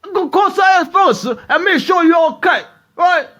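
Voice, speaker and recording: A man voicing an excitable British football fan who pleads and shouts, close to tears. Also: very high voice, a little fast, pitched above the performer's own voice. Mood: frantic. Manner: pleading, shouting, near-crying. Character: shrill frantic male British football fan.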